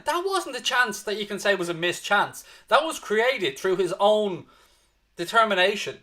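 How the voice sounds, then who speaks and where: A man with a Dublin Irish accent hosting a fan watchalong, giving animated live match commentary and chatting with viewers, swearing freely and urging positivity. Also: high-pitched, moderate pace. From Ireland.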